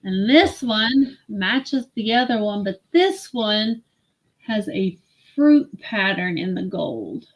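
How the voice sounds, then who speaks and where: A woman hosting a live-stream vintage sale, slowly admiring and describing glassware. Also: mid-range voice, sing-song. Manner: slow, admiring product descriptions.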